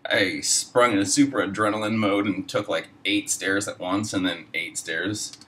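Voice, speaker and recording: A man's voice: lowish voice, steady tone, normal speed, a bit bright, recorded from a distance, low-quality recording. A man casually telling a personal story, rambling and profane, heavy on fillers. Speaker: storyteller host.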